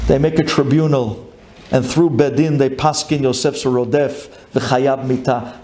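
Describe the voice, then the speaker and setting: Animated rabbi preaching in an echoey room. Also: male voice, fairly high pitch. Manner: animated storytelling, acts out grumbling congregant, builds to shouting. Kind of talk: sermon.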